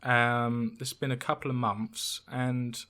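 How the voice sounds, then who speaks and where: A man's voice: mid-range voice, little pitch movement, slow, sharp tone. A man of twenty-one, a podcast co-host, telling a story in casual chat with many fillers and restarts.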